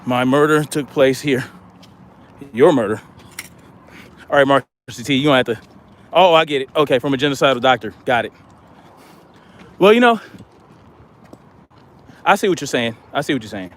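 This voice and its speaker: A man's voice: mid-range voice, expressive, moderate pace, pauses often, fairly bright tone. A man hosting a livestream, reading viewer comments aloud and answering them in casual chat. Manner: reads viewer comments aloud and responds conversationally.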